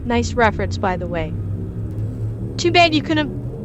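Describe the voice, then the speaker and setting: A high-voiced woman streamer explains things step by step in a chatty way, her pitch bouncing all over. She talks straight to her chat while she plays, with faint music running underneath. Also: very animated, a little slow, long pauses. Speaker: game streamer teaching a lesson. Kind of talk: casual livestream tutorial.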